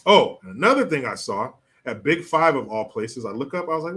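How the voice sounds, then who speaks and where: A man's voice: medium pitch, big pitch swings, brisk, fairly bright tone. A man hosting a political commentary show, ranting in a profane, sarcastic way. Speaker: host.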